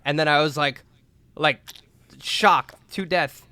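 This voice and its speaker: A young man co-hosting a podcast, telling a story in a lively, casual way with lots of swearing and filler words. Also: fairly high pitch, slow pace, no echo. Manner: animated, swears a lot, says "like" and "dude". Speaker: podcast co-host.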